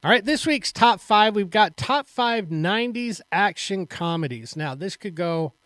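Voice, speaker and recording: A man co-hosting a casual podcast, upbeat and quick to laugh. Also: high voice, lively intonation, a bit bright, dry recording. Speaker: podcast co-host. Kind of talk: casual chat.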